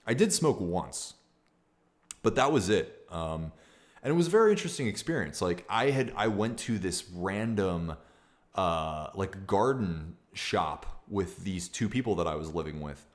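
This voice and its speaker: A young man with a very low voice chats candidly on a livestream, circling back on himself with restarts and fillers. He talks loosely and openly, like thinking out loud. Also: expressive, unhurried. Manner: reads viewer comments aloud. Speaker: streamer. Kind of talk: casual livestream talk.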